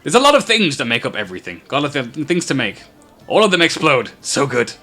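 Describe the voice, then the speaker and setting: A man's voice: medium pitch, big pitch swings, fast talker, bright, forceful tone, faint music behind, full character voice. A man voicing a gleeful, proud female goblin inventor who speaks in clipped, broken sentences.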